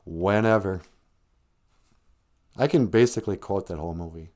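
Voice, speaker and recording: A man's voice: low-pitched, normal speed, a little mellow. A man hosting a live stream, retelling a film in a rambling, chatty way. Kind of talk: casual storytelling.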